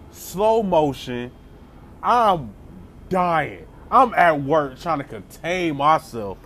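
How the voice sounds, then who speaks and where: A man telling a funny story off the cuff, his voice sitting a little high and getting animated with slangy asides. The telling is loose and conversational, with a faint hum of noise underneath. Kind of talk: casual comedic storytime.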